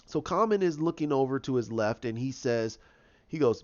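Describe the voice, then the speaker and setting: Over a dull lo-fi recording, a male video host rambles through his casual opinions, frequently starting over and acting out quotes. He speaks at a medium pitch and normal speed, sounding expressive.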